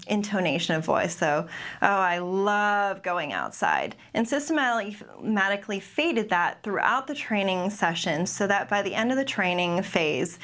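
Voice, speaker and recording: A young adult woman, a behavior analyst, gives a webinar talk and answers questions, with many pauses and restarts. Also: medium pitch, fairly bright tone. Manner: careful, with frequent ums and restarts. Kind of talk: webinar presentation with Q&A.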